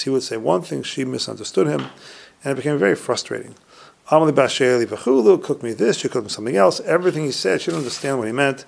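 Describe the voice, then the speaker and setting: Gravelly-voiced male Torah teacher. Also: mid-range voice. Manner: retells Talmud stories, reciting Hebrew and Aramaic phrases and then translating. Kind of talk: recorded Torah class on humility.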